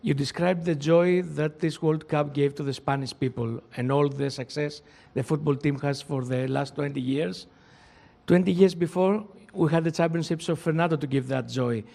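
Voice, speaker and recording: Creaky-voiced Greek-accented male journalist. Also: fairly high pitch, moderate pace, mellow. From Greece. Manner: formal, carefully worded question. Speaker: journalist asking a question. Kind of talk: press conference question. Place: press conference room.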